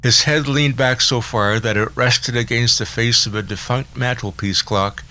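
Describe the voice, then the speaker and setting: A man reading a novel aloud as an audiobook narrator, in a measured, literary first-person style. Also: mid-range voice, steady tone, pushed and bright, rough recording. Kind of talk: scripted narration.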